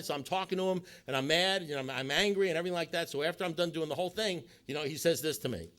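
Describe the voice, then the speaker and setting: A middle-aged man speaking to a recovery group, telling his story and acting out the dialogue with quick asides, sometimes dropping to a low, quiet voice for emphasis. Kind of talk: testimony talk.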